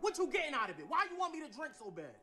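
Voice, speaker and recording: A loud, threatening old ex-con who brags and takes offense at everything, as a man acts him out in a comedy skit. He talks in slangy street talk with a high voice that leaps all over. Music plays clearly behind him. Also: wildly swooping pitch, very fast, heavily acted. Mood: indignant. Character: gruff older ex-con man, touchy and boastful.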